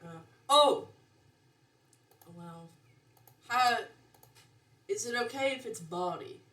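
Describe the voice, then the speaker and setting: Slow-talking hesitant woman. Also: on the high side, expressive, bright, forceful tone. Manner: hesitant, stalling with fillers. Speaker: player.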